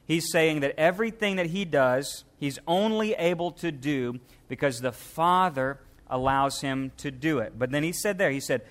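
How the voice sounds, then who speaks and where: A man preaching a sermon, emphatic, reading scripture aloud and stressing key words, shifting between quick and slow delivery. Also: a little high. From United States. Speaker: pastor.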